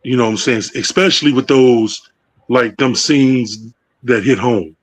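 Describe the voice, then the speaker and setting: Brief: man in a casual interview, stumbling restarts, everyday slang. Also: medium pitch. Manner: halting, repeats words, casual slang. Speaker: director.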